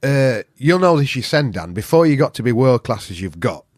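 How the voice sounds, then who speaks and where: A northern English man with a Yorkshire accent spins a rambling, sweary yarn as a podcast guest. His voice sits at an ordinary middle pitch. It is recorded close and dry. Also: fairly quick, no echo. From Northern England. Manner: swears freely, animated storyteller who acts out quotes. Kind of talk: casual storytelling.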